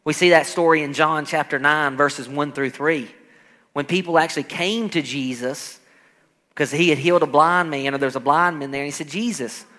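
A man's voice: fairly high pitch, moderate pace, sharp tone. A man preaching a sermon, emphatic, calling out to his congregation and acting out quoted voices. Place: church hall. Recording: echoing hall with faint music.

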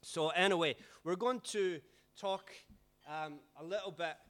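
A Scottish pastor tells stories in a chatty, relaxed sermon, with ums along the way. His voice sits a touch high and sounds bright and forward. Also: a little slow. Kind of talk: informal sermon storytelling.

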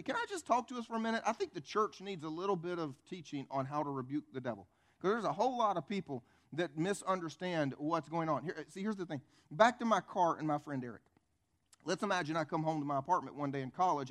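High-voiced preacher. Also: male voice, a bit bright. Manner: conversational, rhetorical questions, acted-out stories. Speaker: pastor. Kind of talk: sermon.

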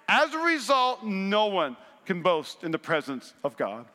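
A male pastor preaches a sermon in a high, very animated voice that's pushed and bright, at normal speed. He calls out to the congregation for responses and rises in bursts of intensity, with long reverb from a large church sanctuary.

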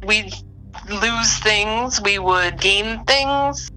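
A woman's voice: medium pitch, drawn-out words, pushed and bright, faint music behind, low-quality recording. A woman casually telling a personal story in an easygoing, amused way. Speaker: storyteller guest.

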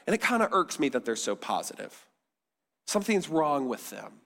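A male pastor preaching a sermon in a conversational style, dropping softly on key words. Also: on the high side, very animated, normal speed, creaky. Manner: conversational preaching, with quiet emphatic endings. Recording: long hall reverb.

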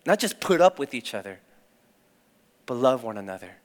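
A man's voice: medium pitch, big pitch swings, moderate pace. A young adult man preaching a sermon as a youth pastor, telling stories candidly and with animation. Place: church. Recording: long church-hall reverb.

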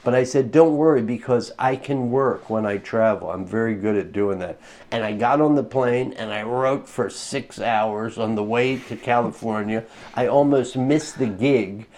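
A man's voice: mid-range voice, moderate pace. A man talks about his orchestration work as an interview guest. He spins casual anecdotes and slips into quoting himself and others with a laugh in his voice. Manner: animated anecdotes, acts out quotes with laughter.

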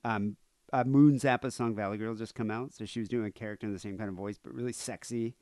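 A man's voice: fairly low pitch, steady tone, fast, darkish tone, dry recording. A man co-hosting a podcast, telling a story in a rambling casual way, full of "uh" and "you know". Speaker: podcast co-host.

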